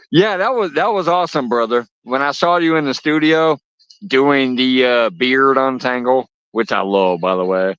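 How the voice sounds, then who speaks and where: A man chatting casually with viewers while fishing, telling stories with plenty of cursing and laughter. His voice sits at an ordinary middle pitch and sounds dry and close. The audio is dull and lo-fi. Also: measured pace, pauses often, a bit bright, clean tone, no room sound. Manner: profane, laughing storyteller. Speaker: fishing livestream host. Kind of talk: casual live chat with viewers. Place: outdoors at a lake.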